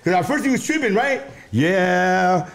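A middle-aged man with a fairly high voice, talking in a loose, rambling street interview. He is animated and jumps from one thought to the next, tossing in rhymes and Spanish asides. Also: measured pace. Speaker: interview guest.

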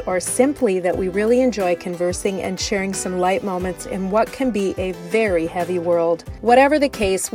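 A woman co-host reads a prepared podcast segment with a scripted, polished delivery. Her pitch is middle, and faint music plays under her voice. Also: a little mellow.

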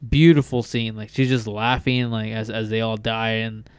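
A man's voice: on the low side, level tone, normal speed, clear, resonant tone, no echo, studio quality. A man co-hosting a casual podcast chat, talking enthusiastically and rambling with lots of "like". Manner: enthusiastic, rambling, heavy use of "like". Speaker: podcast co-host.

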